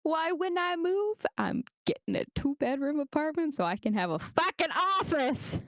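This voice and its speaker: A woman's voice: high-pitched, very animated, normal speed. A young adult woman chatting as a podcast guest, blunt and profane, laughing often. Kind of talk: casual chat.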